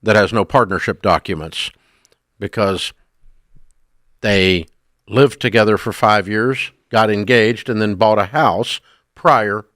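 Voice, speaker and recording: A man's voice: lowish voice, slow pace, pauses often, a bit bright, no room sound, studio quality. A middle-aged man hosting a call-in radio advice show, speaking bluntly and emphatically and scolding bad choices.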